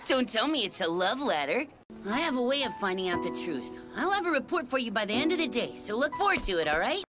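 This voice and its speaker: A man's voice: extremely high pitch, sing-song, fast talker. A man voicing a brash, wisecracking teenage schoolboy in an anime dub, teasing and smart-mouthed. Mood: cocky. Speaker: voice actor. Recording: dub clips over loud music. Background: background music.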